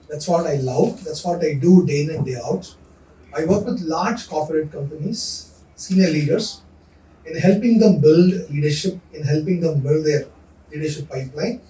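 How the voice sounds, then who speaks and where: A man leads a workshop in a high, lively voice, coaxing the room and repeating his instructions. He is heard from a distance in a large, echoey hall. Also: a little hiss or hum. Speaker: leadership coach running a workshop. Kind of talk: interactive workshop talk to students.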